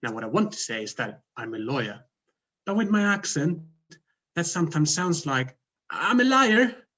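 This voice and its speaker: Self-mocking Swedish-accented man, husky voice. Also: on the high side, big pitch swings, moderate pace, fairly bright tone. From Sweden. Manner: dry self-mocking humor, plays voices of officials. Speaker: contest speaker. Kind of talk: humorous contest speech.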